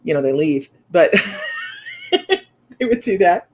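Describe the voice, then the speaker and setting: A woman's voice: on the low side, very animated, a little slow, a little mellow, a little hiss or hum. A chatty middle-aged woman hosts a casual livestream and answers viewers as she goes. She sounds upbeat and laughs easily between remarks. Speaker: psychic medium livestream host. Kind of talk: casual livestream chat reading viewer comments.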